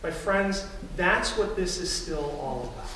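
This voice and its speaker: In an unhurried, animated sermon, a pastor narrates stories and sometimes voices the people in them, his pitch sitting high for a man. The recording comes from far back in a large sanctuary, so it sounds distant and heavily reverberant, with faint room noise.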